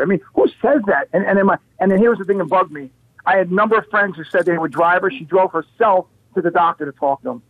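A man's voice: high-pitched, fast talker. A man telling stories as a guest on a talk show, emphatic and full of rhetorical questions. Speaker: guest, health practitioner. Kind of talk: animated storytelling on a talk show. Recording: dry phone line.

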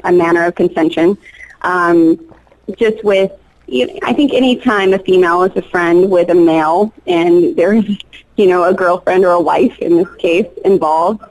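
Young woman actress gushing in an interview, lots of um and you know, mid pitch. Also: darkish tone, low-quality recording. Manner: enthusiastic, lots of fillers and restarts. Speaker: soap opera actress, guest. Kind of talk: casual interview chat.

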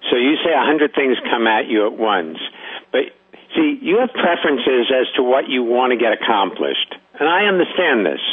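A man hosting a call-in advice show, speaking calmly and instructively to his callers. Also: mid-range voice, husky. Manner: calm, instructive, measured. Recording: phone-line audio.

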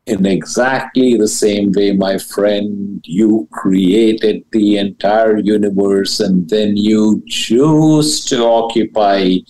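A man, a spiritual teacher and guest, explaining ideas in an animated, emphatic way with blunt, casual wording and big swoops in pitch. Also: poor audio. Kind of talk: animated interview talk about spirituality.

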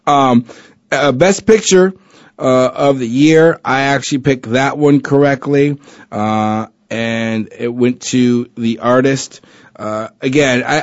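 A man's voice: mid-range voice, dry recording. A man hosting a casual chat show, rambling with lots of fillers and restarts, joking as he goes. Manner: chatty and joking. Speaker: podcast host. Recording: dull lo-fi recording.

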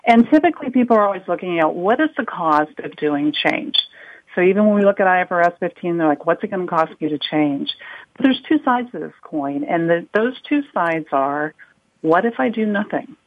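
A woman consultant guest explaining her points on a panel in a relaxed way, with ums. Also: on the low side, fairly quick, no room sound. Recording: dull dry line.

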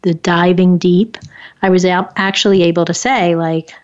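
A woman guest telling a personal story in a relaxed, reflective way, with many "like" fillers. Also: lowish voice, normal speed. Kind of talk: casual storytelling. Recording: dull lo-fi sound.

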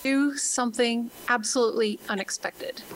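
A woman's voice: a little high, steady tone, moderate pace, rough recording. A woman guest on a panel, giving brief, upbeat answers. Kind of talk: casual chat.

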